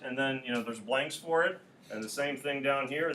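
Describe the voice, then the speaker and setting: A male high school English teacher explaining an assignment to his class, patient and repeating key points. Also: normal speed, pushed and bright, a little hiss or hum. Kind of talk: classroom instruction.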